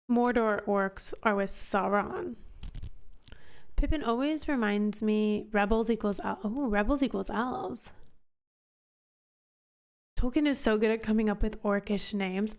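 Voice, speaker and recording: A woman's voice: on the high side, clear, resonant tone. A woman hosting a casual book club discussion, chatty and thinking aloud with many fillers and restarts.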